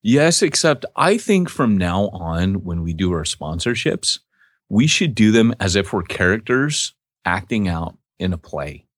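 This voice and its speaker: A man's voice: low-pitched, big pitch swings, unhurried, dry recording, clean studio sound. Playful man co-hosting a podcast. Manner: joking, playful, lots of laughing. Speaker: podcast co-host. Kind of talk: casual chat.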